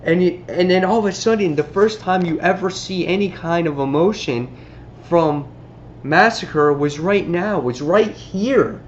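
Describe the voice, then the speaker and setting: A man casually reviewing a comic book on his vlog, excitably retelling the story. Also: high voice, a little slow, highs cut off, a little hiss or hum.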